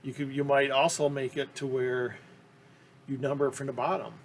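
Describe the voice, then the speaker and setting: Everyday man of middle pitch, chatty collector, rambly and keen, lots of ums, faint background hiss. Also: level tone, moderate pace. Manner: rambling, with many ums and restarts; enthusiastic. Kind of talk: casual interview talk.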